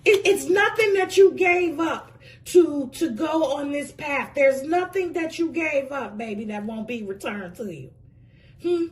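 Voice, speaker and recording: Heard from a distant microphone, this woman reads tarot casually at a measured pace, her high voice full of expression. She gushes with emphasis, curses without hesitation, and showers the listener with terms of endearment.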